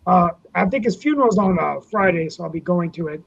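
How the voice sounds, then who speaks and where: A man co-hosting a political talk show, reminiscing casually about a late politician, with many pauses and fillers. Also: high voice, animated, vocal fry. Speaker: co-host, city councilman. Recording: dull lo-fi sound.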